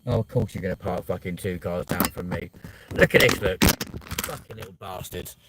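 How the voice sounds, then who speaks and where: A man's voice: deep voice, moderate pace, a bit bright, slight background noise, low-quality recording. A man ranting casually and bluntly, swearing a lot as he tells a story. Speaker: vlogger.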